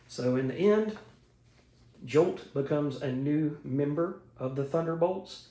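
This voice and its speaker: A man hosts his own comics video channel and walks through an issue in a casual, chatty way, dropping in plenty of fillers. His voice is warm and mellow. The sound is roomy, with noticeable echo. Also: on the high side, slow. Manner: conversational, frequent "you know" fillers. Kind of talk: casual comic book recap. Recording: echoey room.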